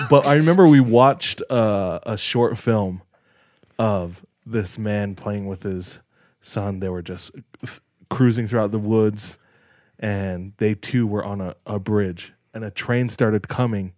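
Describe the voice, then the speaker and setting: A man's voice: lowish voice, slow, a little mellow, no room sound, clean studio sound. A young man on a podcast, telling stories in casual chat, with lots of "like" and "dog.". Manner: laid-back storyteller, says "like" and "dog" a lot. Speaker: podcast co-host.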